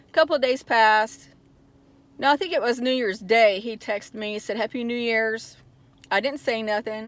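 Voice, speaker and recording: A woman's voice: a little high, a bit bright. A middle-aged woman telling a personal story in a candid vlog, getting frustrated as she goes. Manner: candid, gets heated and frustrated retelling. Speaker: vlogger.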